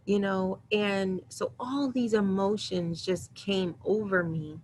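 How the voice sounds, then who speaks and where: A woman in her thirties speaks into a computer mic as she hosts a webinar, her medium, steady, slightly mellow voice recounting her own experiences earnestly and emotionally. She briefly quotes herself, and there's a little hiss or hum.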